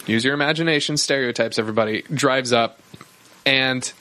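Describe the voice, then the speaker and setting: A man co-hosting a casual comedy podcast, an animated storyteller who swears a lot and shouts when he acts out arguments. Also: medium pitch, brisk. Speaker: podcast co-host.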